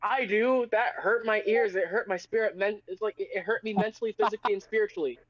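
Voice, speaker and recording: A man's voice: high voice, fast, a bit bright, no echo, muffled recording. A young man co-hosting a podcast in casual chat, often stumbling and restarting his sentences. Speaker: podcast co-host.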